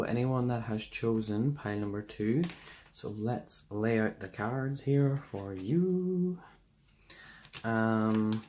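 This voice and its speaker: A man giving a casual pick-a-card tarot reading, rambling and hesitant, with many fillers and restarts. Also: on the low side. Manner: rambling and hesitant, full of fillers and self-corrections.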